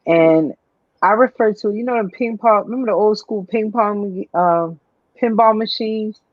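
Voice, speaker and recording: Animated storytelling woman, dull radio sound. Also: medium pitch, normal speed, dry recording. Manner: animated storyteller, calls the listener honey. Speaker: guest. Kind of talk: casual radio conversation.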